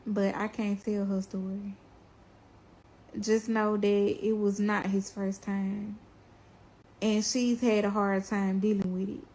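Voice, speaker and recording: Addressing her viewers directly, a young woman who is a mother recounts her family's story in a blunt, earnest, colloquial way, like casual testimony to camera. Her voice is medium-pitched with a darkish tone, and the recording is low quality.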